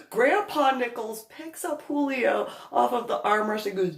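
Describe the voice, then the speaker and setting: A woman's voice: a little high, big pitch swings, unhurried, few pauses, echoey room. A woman telling a comic family story, laughing often as she goes. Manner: laughs through her telling. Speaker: comedic storyteller. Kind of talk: comedic personal anecdote.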